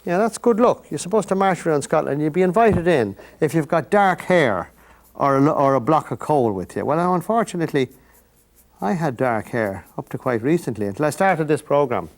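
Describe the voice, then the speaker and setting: A man's voice: fairly high pitch, animated, a little fast. An older Irish man hosting a painting lesson, chatting to the viewer in rambling, folksy asides while he works. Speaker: painting instructor and host.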